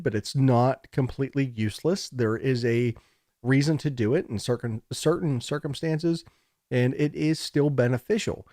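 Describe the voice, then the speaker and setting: A man's voice: medium pitch, dark tone, no echo, studio quality. A man giving a casual, digressive recorded lecture, joking along the way, his throat a little scratchy. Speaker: college lecturer.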